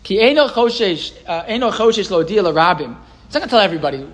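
A man with a high, light voice teaches a Torah class to a live group. He keeps it conversational and asks the room questions. He also reads passages from old texts aloud and then translates them. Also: expressive, fast, a bit bright, rough recording.

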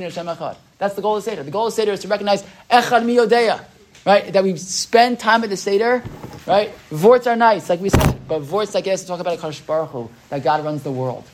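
A man's voice: high-pitched, a little hiss or hum. Chatty man teaching a Torah class. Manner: chatty, keeps asking "right?"; acts out quoted voices in his retelling. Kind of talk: casual Torah class lecture.

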